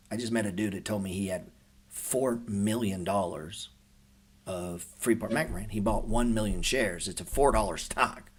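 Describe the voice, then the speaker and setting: A man in his forties talks casually to his viewers, spinning laid-back stories and swearing freely. His voice sits fairly low and has a husky edge. He sounds like an easygoing host of a trading show.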